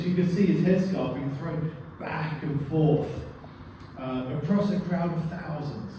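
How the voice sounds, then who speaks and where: A man's voice: on the high side, warm tone. A man telling comic stories in a wedding speech, with a mock-grand storytelling manner. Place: wedding reception hall. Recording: echoey hall, distant mic, background noise.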